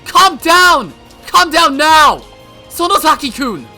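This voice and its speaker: A man voicing panicking clinic staff who shout urgent orders. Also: high voice, wildly swooping pitch, normal speed, soft background music, pitched above the performer's own voice, full character voice. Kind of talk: visual novel voice acting.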